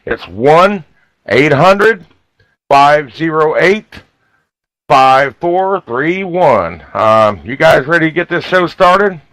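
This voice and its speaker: Male talk radio host, folksy and heated, slightly high voice, dry close mic. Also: animated, slow, fairly bright tone, dry recording, low-quality recording. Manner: folksy, fired-up, keeps saying "you guys".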